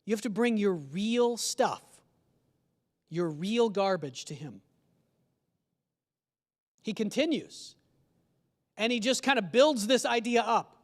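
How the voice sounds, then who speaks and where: A man's voice: high-pitched, animated, slow pace, long pauses. A male pastor preaching a sermon in a conversational way, asking his congregation questions. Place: church sanctuary. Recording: long church hall reverb.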